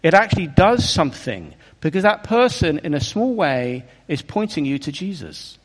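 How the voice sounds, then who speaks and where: A man's voice: on the high side, big pitch swings, normal speed, slightly rough. A man preaching a sermon in an earnest, emphatic way, often asking his listeners rhetorical questions. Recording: long reverb of a hall.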